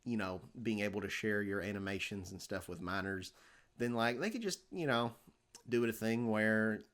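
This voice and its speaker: A young man hosting a casual podcast, thinking out loud and filling pauses with ums and uhs. His voice sits a little low for a man. He talks through his ideas, restarting sentences often. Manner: rambling, many fillers and restarts. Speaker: podcast host.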